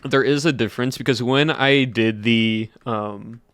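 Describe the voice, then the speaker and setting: A man's voice: medium pitch, fairly even intonation, unhurried, fairly bright tone, smooth, no room sound, studio quality. A young man streaming a game, chatting casually and rambling to his chat. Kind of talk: casual livestream chat while gaming.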